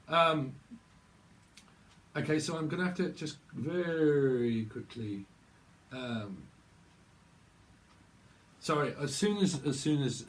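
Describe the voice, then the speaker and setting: British guy doing a tarot vlog, kinda high voice, rambles and repeats words a lot. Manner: free-associating, repeats words, slips into song snippets. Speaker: tarot reader.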